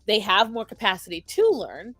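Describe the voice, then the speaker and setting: A woman's voice: medium pitch, big pitch swings, moderate pace, a bit bright, no echo. A woman co-hosting a casual talk show, speaking emphatically and acting out quotes as she makes her points. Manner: emphatic, opinionated, acts out quotes. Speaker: podcast co-host. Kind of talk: casual chat on pet behavior.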